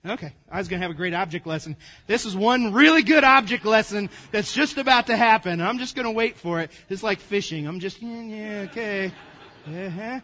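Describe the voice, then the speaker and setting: High-voiced folksy preacher man. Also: animated, fairly quick. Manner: folksy, calls the congregation "gang", asides to the room; swings between loud emphasis and quiet asides. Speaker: pastor. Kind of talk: casual conversational sermon.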